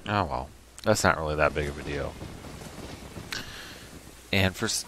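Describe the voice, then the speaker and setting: A man with a deep, low voice gives casual video game commentary at home. His talk is chatty and relaxed, broken up by sudden excited yelps, and there is a faint hiss of noise behind him. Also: measured pace, pauses often. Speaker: host.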